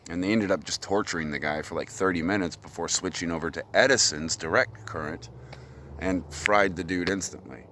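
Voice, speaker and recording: A man with a very low, heavy voice rants on his own, swearing freely and sounding agitated. He is outdoors on a hilltop, with a faint wash of open-air ambience behind him. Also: brisk, pushed and bright, a little hiss or hum. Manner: ranting, profane, agitated monologue. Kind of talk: solo rant to camera.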